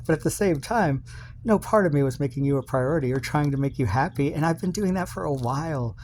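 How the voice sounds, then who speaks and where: A man's voice: on the high side, fast, a little mellow, slight background noise. Rambling, remorseful man talking to camera. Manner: rambling, confessional, with many fillers and restarts. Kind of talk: emotional personal video message.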